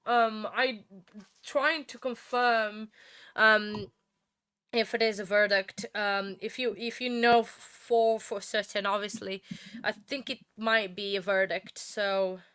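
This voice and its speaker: A woman's voice: medium pitch, steady tone, slow pace, a bit bright, clean tone, dry recording. Chatty woman hosting a livestream. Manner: chatty, many fillers and restarts. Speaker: livestream host. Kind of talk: casual livestream chat.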